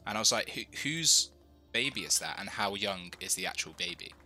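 A young man with a lowish voice and a very bright, sharp tone banters with friends over a headset. His pitch swings up and down as he teases and laughs. Faint game music sits behind him. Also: fairly quick. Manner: teasing, laughs a lot, animated. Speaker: gamer. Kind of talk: casual game chat with friends.

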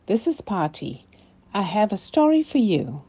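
Gentle older woman telling a children's story. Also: mid-range voice, sing-song, unhurried, slightly rough, highs cut off.

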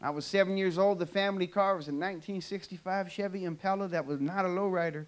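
A man from California performing an animated stand-up comedy set for a church audience. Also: sits high, fast talker, a little hiss or hum. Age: adult. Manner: animated storytelling punchlines. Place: church sanctuary, live audience.

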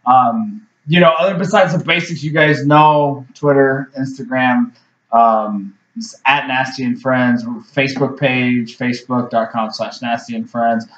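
A man's voice: mid-range voice, steady tone, unhurried. A man hosting a podcast, wrapping up in a laid-back, profane way with lots of filler. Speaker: podcast host. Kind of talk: casual podcast chat. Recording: roomy, dull lo-fi sound.

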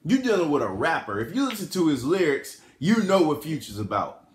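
Male host speaking AAVE, high-pitched and lively, rambling delivery, echoey room. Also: a little fast, slight background noise. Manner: rambling, self-correcting, animated. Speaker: podcast host. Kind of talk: casual storytelling commentary.

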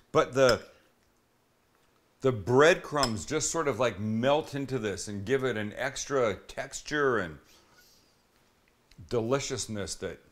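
Slow-talking man hosting a cooking show. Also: medium pitch, poor audio. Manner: enthusiastic, chatty, talks the viewer through each step. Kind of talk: casual cooking demonstration.

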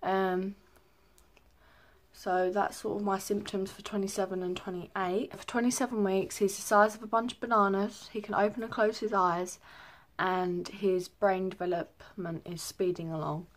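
A woman's voice: mid-range voice, level tone, normal speed. A young woman chatting casually in a pregnancy update vlog, rambling with many ums. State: a little out of breath. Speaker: vlogger.

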